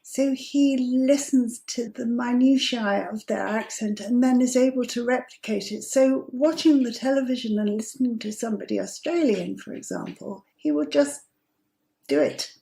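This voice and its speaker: A woman in her fifties telling a personal story as host, chatty and amused, with breathy asides. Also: on the high side, normal speed, dark tone, reverberant. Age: 50s.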